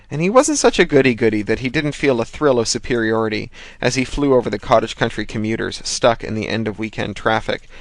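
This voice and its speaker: Male audiobook reader, wry and measured, low gravelly voice. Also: dry recording. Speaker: audiobook narrator. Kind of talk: scripted narration.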